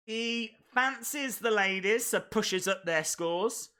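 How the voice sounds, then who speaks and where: Guy reacting to wrestling live, chatty, mock-angry rants, smooth bright voice. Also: high-pitched, slow, hardly any pauses. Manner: chatty, mock-outraged, reads out chat messages. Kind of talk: live reaction stream chat. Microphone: desk microphone.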